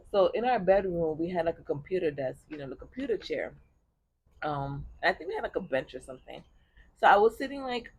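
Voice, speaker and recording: A woman telling a personal story in casual chat, blunt and profane, with an animated delivery. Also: fairly low pitch, husky, no echo. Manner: blunt, profane, animated retelling with bursts of laughter.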